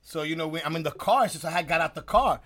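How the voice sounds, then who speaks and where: A man, co-hosting a casual podcast chat, telling stories in an animated, laughing way full of street slang. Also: fairly high pitch, racing. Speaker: podcast co-host.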